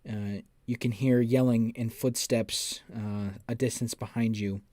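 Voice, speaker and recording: A man narrating a tabletop role-playing game as game master, describing scenes to the players in a measured second-person voice. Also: mid-range voice, steady tone, dark tone, no room sound.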